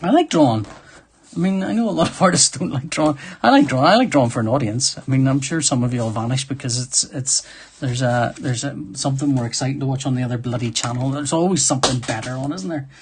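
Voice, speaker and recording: A man's voice: medium pitch, quick pace, slightly rough. A man hosting a live drawing stream, chatting in a rambling, self-deprecating way and reading viewer comments aloud. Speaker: livestream host drawing sketches. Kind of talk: casual chat while drawing.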